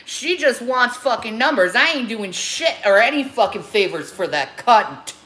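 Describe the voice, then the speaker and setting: A woman's voice: a little high, animated, moderate pace, a bit bright. A woman ranting on a livestream, furious and profane, confronting her critics head-on. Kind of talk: angry livestream rant.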